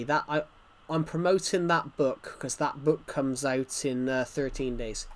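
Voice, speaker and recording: A man's voice: medium pitch, unhurried. Chatty man streaming a game. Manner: rambling, chatty, answers chat messages aloud. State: nose bothered by hay fever. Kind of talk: live-stream gameplay commentary.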